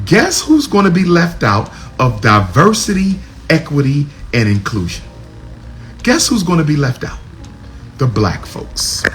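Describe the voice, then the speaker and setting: A man's voice: a little high, wildly swooping pitch, a little slow, a bit bright, faint music behind. A man giving a political commentary monologue, preachy and repetitive, with rising and falling emphasis.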